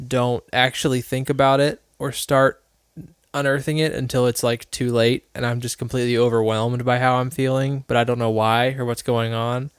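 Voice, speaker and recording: A man's voice: mid-range voice, little pitch movement, moderate pace, smooth, dry recording, studio quality. A man co-hosting a podcast, thinking aloud in a loose, rambling way with many restarts. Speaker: podcast co-host. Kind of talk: casual chat.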